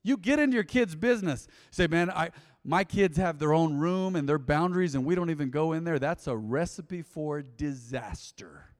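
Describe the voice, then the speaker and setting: Middle-aged male pastor, high voice, lively conversational sermon delivery, long church reverb. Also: normal speed. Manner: animated, conversational preaching with asides to the congregation. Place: large church auditorium.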